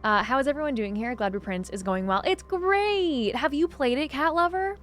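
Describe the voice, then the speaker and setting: A young woman streaming a game live, chatting casually and dramatically with her viewers, swinging from excitement to mock sadness. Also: on the high side, brisk. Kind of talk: casual live-stream chat while gaming. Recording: faint music behind.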